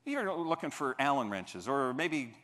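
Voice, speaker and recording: Animated male keynote speaker in a hall. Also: mid-range voice, measured pace. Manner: animated, acts out quoted voices. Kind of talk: motivational keynote storytelling. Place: large convention hall stage. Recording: reverberant convention hall.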